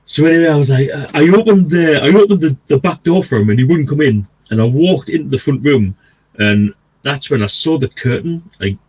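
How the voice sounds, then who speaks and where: Husky-voiced man telling a story. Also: fairly high pitch, a little fast, rough recording. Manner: sweary, rambling, animated storyteller. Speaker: stream co-host. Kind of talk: casual storytelling.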